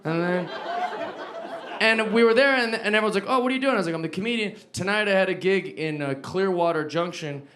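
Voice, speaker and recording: A man telling a stand-up comedy story, animated and acting out the dialogue. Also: high voice, a little fast, a little hiss or hum.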